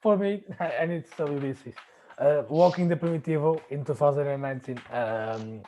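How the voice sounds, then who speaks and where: A man hosting a casual chat, telling personal stories haltingly, often searching for words and restarting. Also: on the high side, dark tone, slight background noise, rough recording. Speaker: podcast host.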